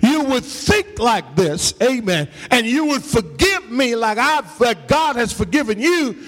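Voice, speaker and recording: A man preaching a sermon as pastor, calling out to the congregation and rising into shouts and half-sung lines. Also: extremely high pitch, sing-song, measured pace, in a large hall. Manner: call-and-response preaching, shouting and half-singing. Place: church sanctuary.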